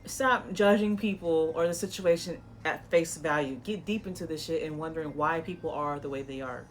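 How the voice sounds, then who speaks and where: Soft music sits behind this tarot reader, whose low voice moves at a normal speed. She coaches bluntly and with profanity, wandering through her casual reading with restarts and repeated "you know"s.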